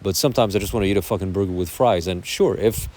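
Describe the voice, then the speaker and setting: A man's voice: sits low, fast, a little mellow. A man from Quebec with a Québécois accent, talking casually and with strong opinions as the host of a music channel, swearing now and then. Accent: Québécois French. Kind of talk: casual explanatory monologue.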